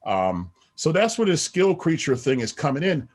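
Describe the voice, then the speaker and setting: A man's voice: fairly high pitch, big pitch swings, normal speed. A middle-aged man, a podcast guest, talking in a rambling casual way with many "you know what I mean" asides. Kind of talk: casual interview talk.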